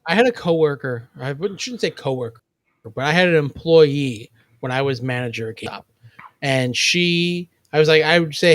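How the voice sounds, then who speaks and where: Brief: man, podcast co-host, higher voice, animated storyteller, dry close sound. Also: moderate pace, no echo. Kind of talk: casual chat.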